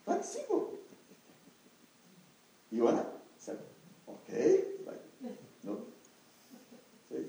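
A man in his own recounts a testimony at an unhurried pace, with his pitch swinging widely as he leaps into excited highs. His tone is dark and mellow. He sounds distant, in a strongly echoing room with a faint hum of noise. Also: vocal fry. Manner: halting non-native English, jumps to high excited exclamations. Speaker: evangelist sharing a testimony. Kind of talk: animated testimony to a listening audience.

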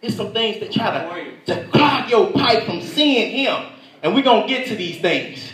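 A man preaching a sermon, animated, shouting at the peaks and acting out voices in his stories. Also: high voice, moderate pace. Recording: echoey hall, voice from far off.

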